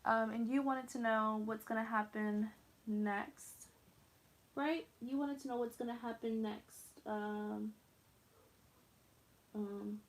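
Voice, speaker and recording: A woman's voice: a little high, fairly even intonation, takes it slowly, long pauses. A woman with an American accent doing a live tarot reading, chatting and teasing with viewers as she thinks aloud. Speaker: tarot reader.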